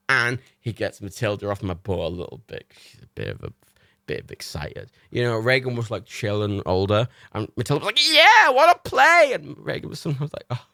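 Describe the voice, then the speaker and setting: Tipsy guy rambling on a stream, lowish voice bouncing all over, dry close sound. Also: fairly bright tone, no echo. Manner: rambling, laughs often, swears freely. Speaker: livestream host. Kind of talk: casual chat.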